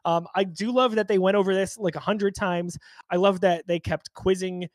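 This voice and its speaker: A man hosting a podcast in casual chat, thoughtful and halting, with frequent restarts. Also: high voice, steady tone, no room sound. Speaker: podcast host.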